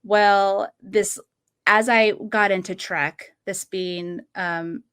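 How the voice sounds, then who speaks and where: Late-30s woman hosting a podcast, earnest chatty tone, mid-pitched voice, laughs a lot. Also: steady tone, slow, a bit bright, smooth. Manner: earnest, laughs often while telling a story. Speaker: podcast host. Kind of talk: casual podcast conversation.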